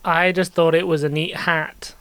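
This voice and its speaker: A man's voice: on the high side, flat delivery, moderate pace, bright, forceful tone, smooth, no room sound. A man co-hosting a podcast in casual chat, enthusiastic and laughing often. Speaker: podcast co-host.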